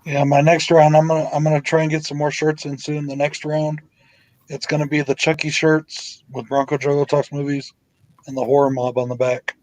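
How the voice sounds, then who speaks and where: A man's voice: on the high side, flat delivery, brisk, a little mellow, low-quality recording. A man hosting a casual live stream chat, blunt and swearing freely. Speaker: host.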